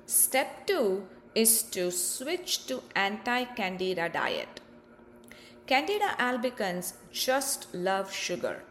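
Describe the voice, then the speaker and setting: A woman's voice: mid-range voice, very animated, slow pace, a bit bright, slight background noise. A woman hosting a health podcast, giving a scripted educational explanation with rhetorical questions to the listener.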